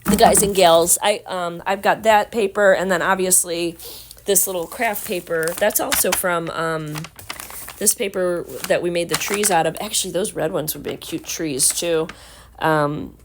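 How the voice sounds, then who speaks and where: A woman with a Southern American accent and a hoarse, scratchy voice, chatting casually and rambling to her camera at home. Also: lowish voice, a little slow. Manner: chatty, rambling with many fillers. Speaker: vlogger. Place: home, indoors.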